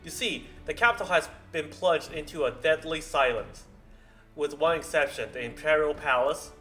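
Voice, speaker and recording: A man streaming a game, reading its dialogue aloud in a halting way and stopping often to correct himself. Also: a little high, pushed and bright, faint music behind. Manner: halting read-aloud with frequent stumbles and self-corrections.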